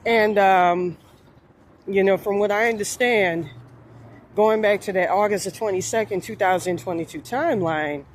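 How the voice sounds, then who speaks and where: A woman's voice: mid-range voice, moderate pace, slight background noise. Rambling New woman vlogging. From New Orleans, USA. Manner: rambling, meandering, frequent fillers. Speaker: spiritual vlogger. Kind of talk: casual monologue.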